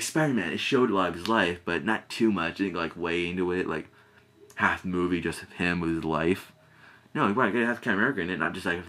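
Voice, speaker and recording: Rambling low-voiced young guy. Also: fairly bright tone. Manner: rambling, full of fillers and restarts; giggly, laughs often. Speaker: movie reviewer. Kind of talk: casual video review.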